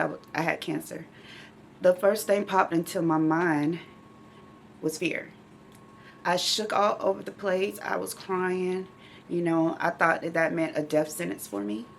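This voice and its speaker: Her voice is gravelly and on the low side as this middle-aged woman with myeloma talks openly and emotionally straight to her channel's viewers in a casual, heartfelt vlog. Slight background noise sits under the recording.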